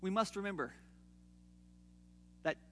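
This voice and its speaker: Man, pastor preaching, high voice, long hall reverb, conversational with loud emphatic bursts and quiet drops. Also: animated, a little slow, a little hiss or hum. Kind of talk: sermon.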